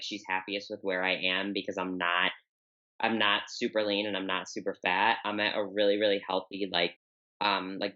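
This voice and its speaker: The audio is dull, carrying a woman's extremely low, fairly bright voice. She's a twenty-something podcast guest from Chicago by her accent, chatting casually in an interview and filling her speech with "like" and repetitions.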